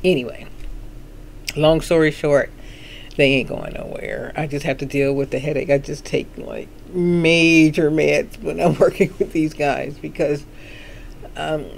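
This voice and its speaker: A woman's voice: low-pitched, fairly even intonation, unhurried, creaky, slight background noise. A woman hosting a casual book chat, talking in a chatty, sassy way and laughing often. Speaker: host of a book chat show.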